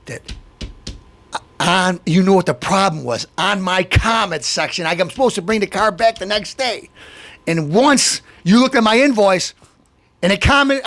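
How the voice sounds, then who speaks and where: Indignant man ranting with a lively high voice. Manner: indignant, rambling, full of restarts. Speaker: show host. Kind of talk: ranting monologue.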